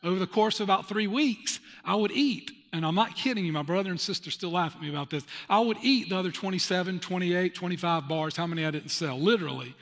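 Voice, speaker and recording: A man's voice: high-pitched, fast talker, few pauses, a bit bright, long reverb tail. A man preaching a sermon, mixing personal confession and storytelling with emphatic points. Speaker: pastor.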